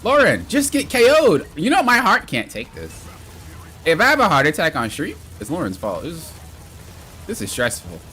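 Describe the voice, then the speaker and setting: An excitable man commentating his own live game stream. His voice is bright and punchy, and it leaps between shouted exclamations and low, muttered asides. Faint background noise runs under him. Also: normal speed, long pauses. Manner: excitable, exclamatory, trash-talking.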